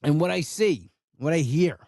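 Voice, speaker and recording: A man's voice: fairly high pitch, moderate pace, a little mellow, dry recording, studio quality. A man hosting a solo podcast, ranting in a blunt, casual way and swearing freely. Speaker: podcast host.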